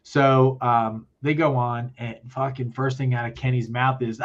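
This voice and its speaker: A man's voice: mid-range voice, measured pace. Profane storytelling man, dull lo-fi sound. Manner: profane, animated, acts out quotes. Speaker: podcast guest, festival organizer. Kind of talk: casual storytelling.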